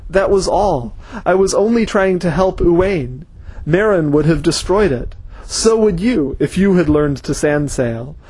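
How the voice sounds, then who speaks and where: Man playing a cornered old male villain, high husky voice, begging, storybook. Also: expressive, a little slow, a little mellow. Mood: pleading. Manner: pleading, desperate. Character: old male plotter caught, begging for mercy.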